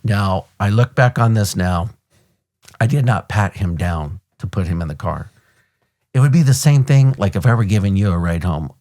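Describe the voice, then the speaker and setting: A man in his fifties from the United States, a podcast host and retired police officer, telling a story in a blunt, animated way and swearing casually. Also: fairly low pitch, moderate pace. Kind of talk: conversational storytelling.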